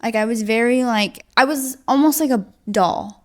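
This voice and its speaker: A young woman in her late teens giving a personal testimony as a guest, talking in a halting, casual way full of "like". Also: on the high side.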